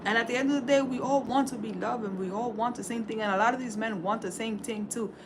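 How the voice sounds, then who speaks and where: A fortysomething woman hosts a livestream, dishing out sassy, preachy relationship advice in casual chat and calling everyone "baby." Her voice sits on the high side and moves at a quick pace over a noisy background.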